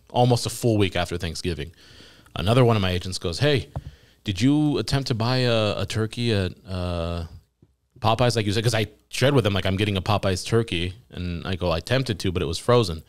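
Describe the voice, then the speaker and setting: A young man casually telling a long funny story on a podcast, acting out the voices of the people in it and laughing at times. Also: lowish voice. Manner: animated storyteller quoting voices, laughing at his own story. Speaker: podcast guest.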